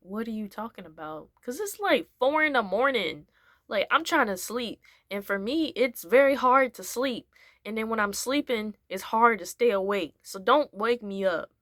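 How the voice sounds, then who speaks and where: A young vlogger with a slightly high voice tells a casual story at normal speed, recorded in clean studio sound with no echo. She rambles with lots of fillers and animatedly acts out what people said.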